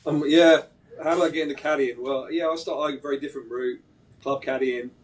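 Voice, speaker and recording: A man's voice: on the high side, steady tone, a little fast, distant mic, rough recording. A man from England, a caddie guest on a podcast, recounting how he started in caddying in a matter-of-fact, casual way. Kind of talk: casual chat.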